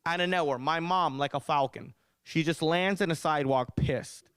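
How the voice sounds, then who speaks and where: Brief: thirties male comic, lively storytelling, bright clear voice, dry close sound. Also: on the high side, normal speed, no room sound. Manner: animated, exaggerated storytelling. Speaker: comedian and event host. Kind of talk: stand-up comedy set.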